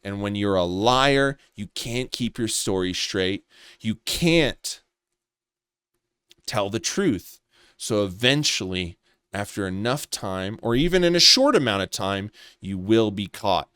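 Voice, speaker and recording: A man's voice: fairly low pitch, lively intonation, slow pace, a bit bright, clean tone, no echo, studio quality. A man delivering a contemptuous, accusatory commentary rant, swearing as he goes. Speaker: commentary vlogger. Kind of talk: ranting commentary.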